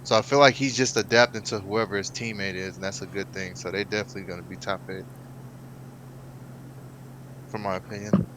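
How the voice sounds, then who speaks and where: A man on a casual gaming podcast, laid-back and quick to laugh. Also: lowish voice, fairly even intonation, background noise. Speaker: podcast guest. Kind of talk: casual esports podcast chat.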